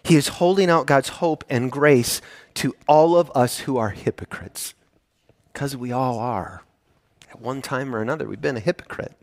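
A man preaching a sermon as a pastor, earnest and emphatic, swinging between hushed soft lines and rising heartfelt appeals. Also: mid-range voice, normal speed, dry recording.

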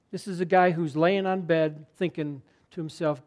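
Man, pastor, preaching, fairly high pitch, earnest, conversational, hushed moments. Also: steady tone, normal speed, few pauses. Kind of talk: sermon.

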